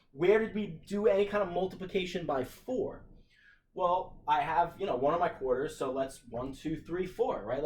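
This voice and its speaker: A man's voice: a little high, darkish tone. A middle-aged man, a teacher, talking through a math problem for his class, thinking aloud with plenty of fillers and restarts. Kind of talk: recorded math lesson walkthrough.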